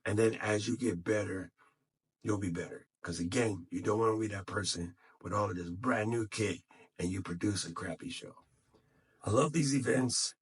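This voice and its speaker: Speaking to camera on his phone, a man offers loose, unscripted encouragement and motivation to other podcasters, sounding tired. His fairly low voice has a breathy edge and a moderate pace.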